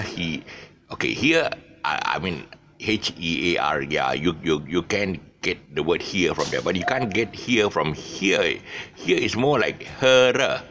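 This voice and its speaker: An older man gives a casual lesson in a very low, hoarse and gravelly voice. His pitch rises and falls widely as he stumbles through fillers and restarts, and a faint room hiss sits behind him. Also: sharp tone. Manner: halting, many fillers and restarts, chuckles at his own jokes. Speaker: English teacher. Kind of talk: informal recorded lesson.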